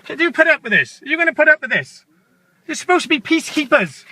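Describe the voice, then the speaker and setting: A man with a strikingly high voice argues with police from his car, repeating the same questions over and over. The recording is noisy, with steady hiss and background sound. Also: fast. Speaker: stopped driver. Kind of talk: filmed confrontation.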